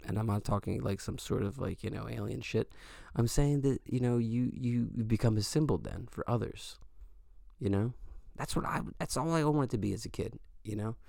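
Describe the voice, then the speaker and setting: A man's voice: on the low side, normal speed, vocal fry, dark tone, dry recording, studio quality. A man hosting a solo podcast, talking in a rambling, earnest and joking way with lots of fillers. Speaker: podcast host. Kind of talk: casual solo podcast monologue.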